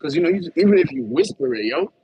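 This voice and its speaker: A man's voice: on the high side, animated, very fast, mellow, muffled recording, slight background noise. A man with an East Coast American accent, joking around in a playful casual monologue and laughing often. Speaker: comedic vlogger.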